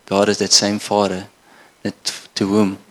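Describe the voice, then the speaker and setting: A man's voice: on the low side, completely flat delivery, measured pace. A middle-aged man from Namibia preaching a sermon in an earnest, conversational way. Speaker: pastor.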